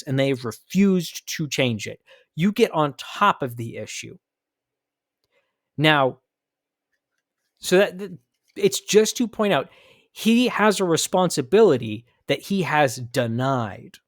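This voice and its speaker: A man's voice: a little high, big pitch swings, takes it slowly, no echo, clean studio sound. An American man hosting a commentary podcast, arguing his points emphatically and thinking aloud with frequent restarts. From United States. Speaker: podcast host.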